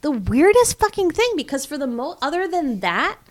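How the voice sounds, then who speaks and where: A woman co-hosting a podcast in casual chat, animated and playful, with quick asides and frank opinions. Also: high voice. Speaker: podcast co-host.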